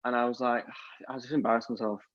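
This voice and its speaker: A young male actor chatting casually on a live stream, animated and telling a story while acting out the voices in it. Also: medium pitch, fast, dry recording. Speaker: lead actor. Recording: dull lo-fi stream audio.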